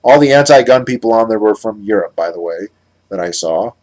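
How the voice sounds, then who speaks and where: A man's voice: lowish voice, animated, a little fast, a little mellow. A man from the United States giving a heated, sarcastic monologue on his vlog, rambling with many restarts. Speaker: political commentator.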